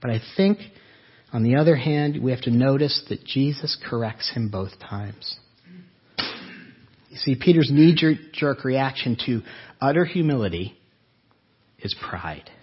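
A male preacher delivers a sermon in a conversational tone, putting questions to his congregation as he goes. His voice has a slightly husky edge and sits in a middle pitch for a man. The recording is dull and lo-fi, with the top end muffled. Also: normal speed.

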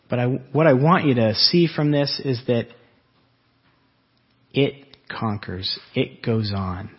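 Husky-voiced male pastor preaching. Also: mid-range voice, slow, long pauses, dull audio. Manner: earnest, asks the congregation questions. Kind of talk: sermon. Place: church sanctuary.

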